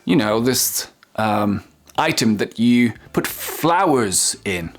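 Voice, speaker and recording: A man teaching English pronunciation to French speakers, whose first language is French, repeating each word slowly and with emphasis. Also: mid-range voice, lively intonation. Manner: slow, exaggerated word-by-word modeling.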